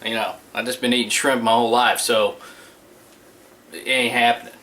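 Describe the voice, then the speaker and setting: Middle-aged man, bright voice, chatty backyard cooking vlog, roomy sound from a distance. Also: medium pitch, fairly even intonation, normal speed. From US Gulf Coast. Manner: laid-back, chatty, talks to viewers while cooking. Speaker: home cook vlogger. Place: outdoors at a backyard grill. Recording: roomy sound from a distance, faint background noise.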